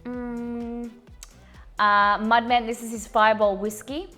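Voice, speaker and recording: A woman's voice: a little high, flat delivery, slow, bright, forceful tone. A woman hosting a casual live cooking stream, reading out viewer messages in a chatty, rambling way and laughing at her own slips. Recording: faint music in background.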